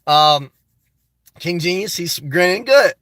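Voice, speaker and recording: High-voiced man chatting on a livestream. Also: expressive, slow pace, a bit bright, dry recording, clean studio sound. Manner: chatty, reads viewer comments aloud and riffs on them. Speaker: YouTube channel host reading live chat. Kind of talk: casual livestream chat.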